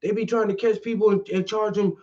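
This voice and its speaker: A man's voice: high voice, flat delivery, a little fast, dark tone, muffled recording, voice pushed up, natural voice. A man voicing a streetwise passer-by who gives emphatic, profane warnings about the parking lot.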